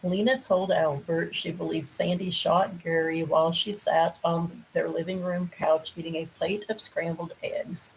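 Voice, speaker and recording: A woman's voice: lowish voice, flat delivery, measured pace, hardly any pauses, slight background noise, low-quality recording. A woman hosting a casual true crime show, reading from news articles and adding her own asides and opinions. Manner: casual, digressive, with frequent ums and asides. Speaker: true crime podcast host.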